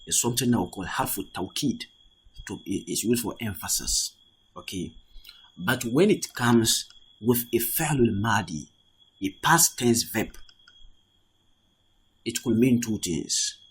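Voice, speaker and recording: A man's voice: on the low side, expressive, a little slow, long pauses, husky. A man teaching an Arabic reading lesson, translating line by line and patiently repeating and rephrasing each point.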